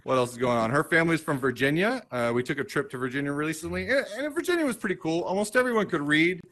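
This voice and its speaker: A man in his thirties performing a stand-up set on a comedy club stage, with dry, self-mocking jokes and quick asides to the crowd. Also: fairly high pitch, lively intonation, fairly bright tone, rough recording. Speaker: stand-up comedian hosting the show.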